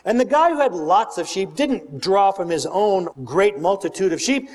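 Man doing a stern old prophet, high voice, telling a parable, echoing hall. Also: animated, moderate pace, a little mellow. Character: prophet Nathan, a grave, confronting old prophet. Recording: long reverb of a big hall.

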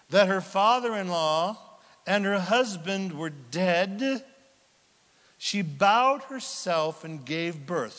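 A male pastor preaching a sermon, swinging from loud outbursts to near whispers. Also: sits high. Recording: long hall reverb.

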